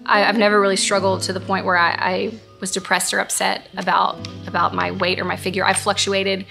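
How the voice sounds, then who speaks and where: A woman in her thirties hosts a relaxed question-and-answer chat. She talks earnestly and gushes, often repeating herself, with a gravelly edge to her voice. Music plays clearly behind her. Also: mid-range voice, fairly quick. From Texas. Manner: earnest and gushing, repeats phrases. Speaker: host. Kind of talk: casual Q&A chat. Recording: music playing in the background.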